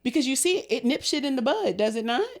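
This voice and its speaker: A woman's voice: sits high, lively intonation, fast talker. Emphatic, cussing young woman podcaster. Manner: emphatic, swears freely, talks in long heartfelt runs. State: emotional, near tears. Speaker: podcast co-host. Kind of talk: casual chat.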